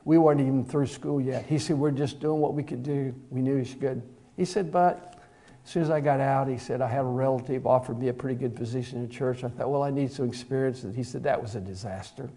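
A middle-aged man preaching in an easy, folksy way, telling a story to his congregation. His voice is mellow and warm, at an ordinary pitch for a man. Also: quick pace. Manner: folksy, conversational storytelling with fillers and repeated "he said". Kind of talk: sermon with storytelling.

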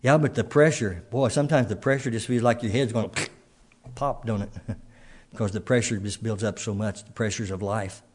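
Male preacher, folksy conversational sermon, homely restarts and quiet asides. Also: lowish voice, fairly quick.

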